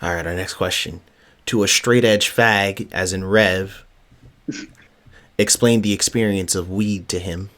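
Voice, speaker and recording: A man's voice: sits low, steady tone, slow pace, a bit bright. A man hosting a casual podcast chat, reading out questions and making brief remarks. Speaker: podcast host.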